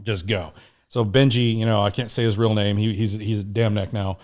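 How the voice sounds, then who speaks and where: A middle-aged American man, a guest on a podcast, tells a war story casually and profanely, animatedly acting out what people said. His voice sits on the low side at a moderate pace.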